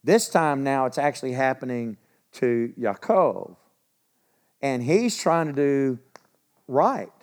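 A man teaching from the Bible in a relaxed, conversational way, often clearing his throat and asking the listeners questions. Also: medium pitch, slow, long pauses.

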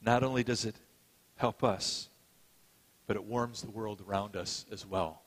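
A man's voice: fairly low pitch, steady tone, measured pace. A middle-aged man preaching a sermon in a conversational storytelling way, with self-deprecating asides. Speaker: pastor. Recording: long hall reverb.

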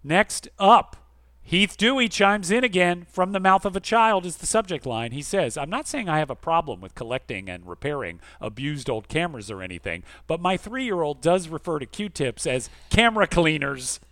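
A man co-hosting a podcast, reading listener emails aloud expressively and going quiet and soft for the serious ones. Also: moderate pace, dry recording. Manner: expressive reader, dropping soft and low for serious letters. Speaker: podcast co-host.

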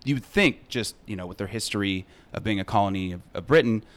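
A man's voice: lowish voice, fast talker. A man chatting casually on a podcast, explaining at length with plenty of fillers and enthusiasm. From United States. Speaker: brand representative guest.

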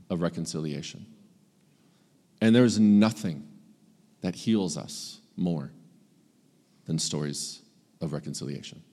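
A male pastor preaching a sermon, earnest and emphatic, with dramatic pauses. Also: lowish voice, a little mellow, in a large hall.

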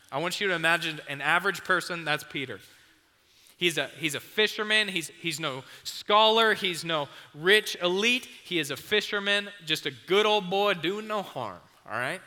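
A youth pastor giving a casual, chatty sermon and acting out the scenes. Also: male voice, on the high side, sharp tone, long reverb tail. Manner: chatty and conversational, acts out scenes.

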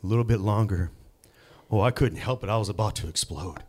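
A man preaching in a church, telling a personal story slowly with dramatic pauses. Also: fairly low pitch, a little mellow. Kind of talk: sermon with personal testimony. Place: church sanctuary.

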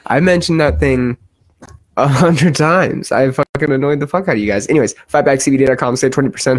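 A man's voice: mid-range voice, no room sound. A young adult man hosting a podcast, chatting casually and reading a sponsor spot in a rambling, joking, profane way. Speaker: podcast host.

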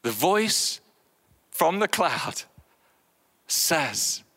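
Man, preacher, sermon, bright forceful tone, fairly high voice, long hall reverb. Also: a little slow. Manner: animated, acts out voices with big pitch swings.

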